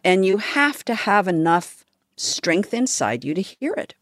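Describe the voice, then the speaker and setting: A woman podcast host talking in a reflective, measured way and laughing often. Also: mid-range voice, very animated, no room sound, clean studio sound. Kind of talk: conversational podcast chat.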